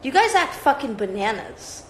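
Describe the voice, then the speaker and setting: A woman's voice: a little high, big pitch swings, moderate pace, slight background noise. A woman hosting a livestream, chatting in a rambling, profane, casual way. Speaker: livestream host. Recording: roomy echoey sound.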